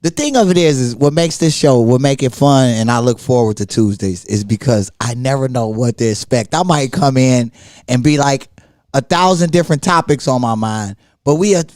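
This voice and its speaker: A man co-hosting a casual talk show, animated and laughing as he talks. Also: mid-range voice, moderate pace, dry recording, clean studio sound. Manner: animated, laughs while talking. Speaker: podcast co-host. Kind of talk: casual chat.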